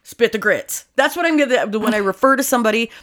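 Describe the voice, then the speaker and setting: Lively, foul-mouthed woman podcaster. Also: on the high side, quick pace. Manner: profane, rambling, jokey. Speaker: podcast co-host. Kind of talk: casual chat.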